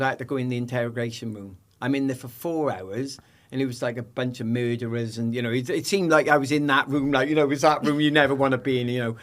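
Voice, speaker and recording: A middle-aged British man, a podcast guest, telling lively anecdotes in casual chat and acting out the people in them. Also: mid-range voice.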